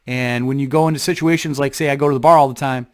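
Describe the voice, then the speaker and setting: A man talking to camera in a casual vlog, reflective and halting, often restarting his sentences. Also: medium pitch, fairly even intonation. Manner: halting, thoughtful, frequent restarts. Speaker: vlogger.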